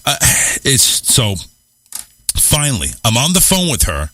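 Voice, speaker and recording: A man with a bright, forward voice tells a rambling, self-mocking story in casual talk-show chat. He swears freely and keeps things lively. His voice sounds close and dry. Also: mid-range voice, slow, no echo. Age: adult, married. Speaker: radio show host.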